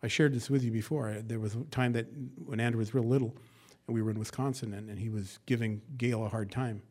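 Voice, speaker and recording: A man preaching an expository sermon, moving between hushed, conversational asides and loud, emphatic verse reading, with folksy acted-out quotes. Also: fairly low pitch, steady tone, quick pace. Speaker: pastor.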